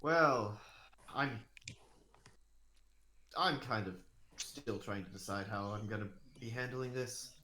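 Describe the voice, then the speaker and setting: A man's voice: medium pitch, takes it slowly, long pauses, sharp tone. A man playing in a tabletop game, joking, with hesitant restarts. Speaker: player. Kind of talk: casual tabletop game chat.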